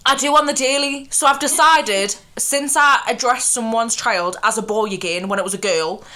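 A woman's voice: a little high, normal speed, sharp tone. A woman in her twenties with a slight lisp from new braces, co-hosting a podcast in casual chat and laughing at herself. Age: 20s. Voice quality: slightly lispy. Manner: chatty, self-mocking, laughs often. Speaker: podcast co-host.

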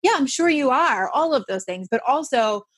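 40s woman hosting, swears a lot, laughs easy, kinda high voice, dry mic. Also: moderate pace, slightly rough, no room sound. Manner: frank and animated, swears freely, laughs often. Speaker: podcast host. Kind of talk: casual chat.

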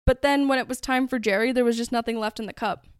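A woman's voice: on the high side, fairly even intonation, fast, smooth, no echo, studio quality. A woman hosting a true-crime podcast, telling the story in a chatty, conversational way. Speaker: podcast host.

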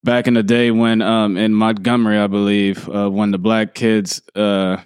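A man hosting a podcast, telling stories in a relaxed, blunt way. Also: lowish voice, moderate pace, smooth, no room sound, studio quality. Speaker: podcast host. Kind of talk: casual chat.

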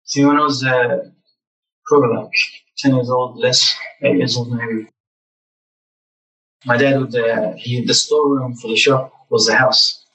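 A young man telling lively stories about his childhood as a guest in a casual interview. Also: mid-range voice, measured pace, pauses often, recorded from a distance, low-quality recording. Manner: animated, acts out childhood memories.

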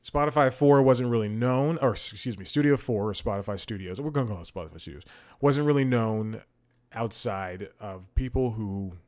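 Young male solo podcast host, lowish voice, casual and rambling, lots of restarts, chuckles mid-story. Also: normal speed, a little mellow. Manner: rambling, many restarts and self-corrections; chuckles while telling stories.

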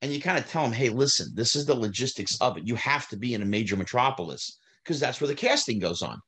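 A middle-aged man in relaxed conversation whose voice swings widely in pitch, leaping up when he gets worked up and dropping low at the ends of thoughts. His tone is mid-pitched and expressive. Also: fast, breathy edge. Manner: animated, rises sharply when heated, trails off low. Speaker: guest, former child actor. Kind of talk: casual storytelling interview.

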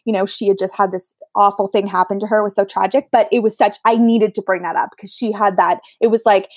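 A woman who works as a medium appears as a guest in a casual interview, telling stories animatedly and acting out the voices she quotes. Her voice is medium-pitched and quick, recorded cleanly in a studio with no echo.

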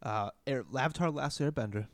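A man's voice: mid-range voice, fairly quick, no room sound. A man hosting a podcast in casual chat, laid-back as he steers the talk, on a headset mic. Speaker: podcast host.

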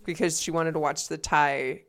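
A young woman co-hosting a podcast, chatting casually in an animated, joking way and swearing freely. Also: deep voice, normal speed. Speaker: podcast co-host. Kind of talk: casual chat.

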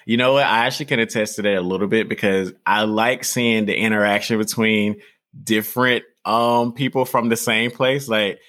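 A man's voice: fairly low pitch, fairly even intonation, moderate pace, a bit bright. A man from the American South with a Southern drawl, hosting a cooking show and chatting easily while he explains a recipe. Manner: laughs often, easygoing, drawling. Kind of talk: cooking demonstration with chat.

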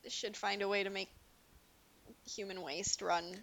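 A woman's voice: mid-range voice, level tone, creaky, fairly bright tone. A woman co-hosting a podcast, chatting casually and enthusiastically about a movie. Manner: enthusiastic, chatty, quick to laugh. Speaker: podcast co-host.

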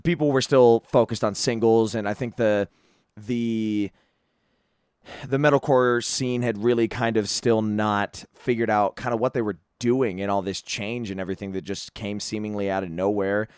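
A man's voice: on the low side, steady tone, normal speed, a little mellow, clear, resonant tone, no room sound, clean studio sound. A man hosting a solo podcast, reviewing an album in a rambling, casual way with lots of fillers and free swearing. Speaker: podcast host.

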